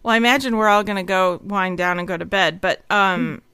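A woman hosting a relaxed wrap-up chat after a group reading, chatty and giggly, with many fillers. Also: medium pitch, fairly quick, clear, resonant tone, dry recording, studio quality. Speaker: host and organizer of the reading. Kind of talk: casual stream wrap-up chat.

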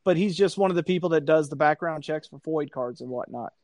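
Animated man telling a rooftop story. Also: fairly high pitch, brisk, no room sound. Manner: animated storyteller, profane, acts out shouted quotes. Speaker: podcast co-host telling a story. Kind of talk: casual storytelling chat.

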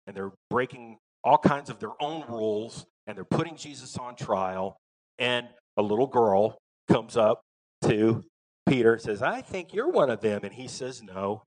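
Southern pastor guy preaching, folksy, gets loud then drops real quiet, mid pitch. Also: low-quality recording. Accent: Southern American. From American South. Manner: folksy, emphatic preaching with rising bursts and quiet asides. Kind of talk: sermon.

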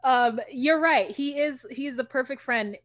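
A woman in a mid-pitched voice chats on a podcast, laid-back and a little hesitant, quick to laugh. The sound is dry and close, with no room around it. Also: a bit bright, no echo. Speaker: podcast co-host. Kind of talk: casual chat recap.

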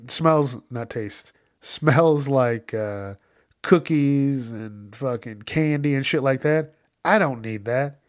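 A man's voice: mid-range voice, no room sound. Casting: man, podcast host, profane ranting delivery, dry close recording. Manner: profane, ranting, acts out quoted exchanges. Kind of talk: casual solo rant.

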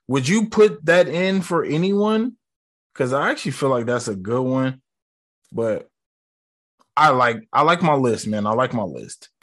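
A man's voice: mid-range voice, fairly bright tone. A man casually ranking movie moments for his viewers, talking loose and slangy with frequent swearing. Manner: loose, slangy and profane, talks straight to viewers. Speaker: movie vlogger.

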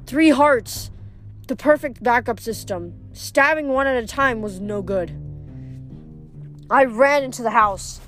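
A woman reading a novel aloud in steady first-person narration, with small restarts. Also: fairly high pitch, unhurried, soft background music. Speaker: audiobook reader.

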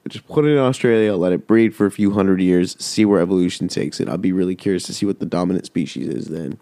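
A man's voice: deep voice, fast, mellow, no room sound. A man hosting a podcast, telling a rambling, heavily profane story in casual chat. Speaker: podcast host.

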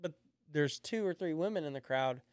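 A man's voice: on the high side, lively intonation, moderate pace, no room sound. Man telling rowdy comedy stories. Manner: profane storytelling, acts out quoted voices. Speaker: comedian guest. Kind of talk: casual podcast chat.

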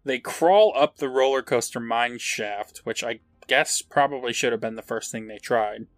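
A man's voice: mid-range voice, normal speed, no room sound, faint music behind. A man co-hosting a podcast, casually recapping an episode with frequent laughs and offhand swearing. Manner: laughs while narrating, swears casually, acts out quotes. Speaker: podcast co-host.

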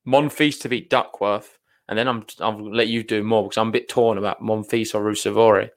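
A man's voice: lowish voice, steady tone, brisk. A man co-hosting a podcast, talking earnestly in casual chat, hedging and repeating himself. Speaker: podcast co-host.

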